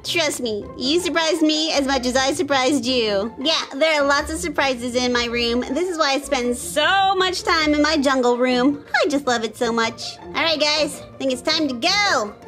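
A woman voicing a playful cartoon family of excitable kids who talk in a giddy, exclaiming way. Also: sits high, normal speed, few pauses, over music, natural voice. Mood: excited.

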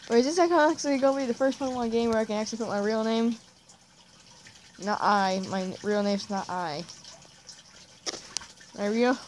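A woman's voice: mid-range voice, darkish tone, slight background noise, poor audio. Giggly woman narrating a game. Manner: chatty, giggly, self-mocking. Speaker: gamer. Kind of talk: casual let's-play commentary.

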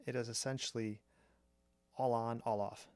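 A man calmly explaining a drum machine's sounds step by step, pausing between phrases as he demonstrates. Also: medium pitch, no echo. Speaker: synth reviewer. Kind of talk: technical demo narration. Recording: strong mains hum on the mic.

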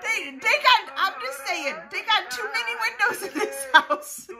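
A woman's voice: extremely high pitch, lively intonation, a little slow, rough recording. A woman hosting a reaction video, exclaiming, laughing a lot and talking back to the screen in casual commentary. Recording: loud music playing behind the voice.

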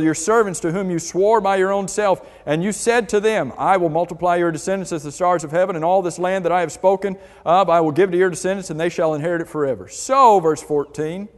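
A man with a high-pitched voice leads a church Bible class, asking the group questions and reading scripture passages aloud. His voice rings with a long reverb in a large hall.

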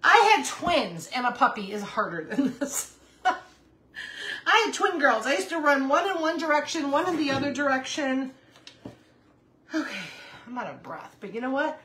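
A woman's voice: high-pitched, lively intonation, moderate pace, sharp tone. A woman in her fifties hosting a casual crafting livestream, chatting with viewers and calling to her puppy. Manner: chatty, reads viewer comments aloud, talks to her puppy.

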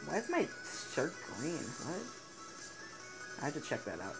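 A teenage boy giving excitable gaming commentary, swearing and laughing often. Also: medium pitch, fairly quick, rough recording. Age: teens. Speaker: gaming YouTuber. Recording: game music playing behind the voice.

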